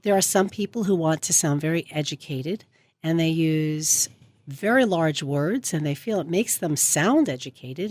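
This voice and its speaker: Her voice deep and a touch mellow, the woman being interviewed on radio is a speech coach using a studio microphone. She talks with emphasis, pressing on key words throughout her explanations.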